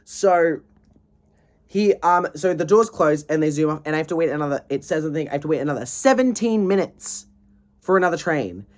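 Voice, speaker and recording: A man in his twenties ranting in a casual video diary, tired, profane and rambling. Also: a little high. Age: 20s. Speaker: vlogger.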